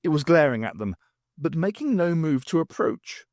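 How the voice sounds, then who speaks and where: A man reading a novel aloud, unabridged, with a wry, expressive delivery. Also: fairly high pitch, moderate pace, no room sound, studio quality. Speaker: audiobook reader.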